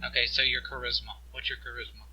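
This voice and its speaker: A man running a tabletop game as game master, narrating scenes and explaining rules in a halting way over voice chat. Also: medium pitch, flat delivery, pushed and bright, husky, dry recording, poor audio.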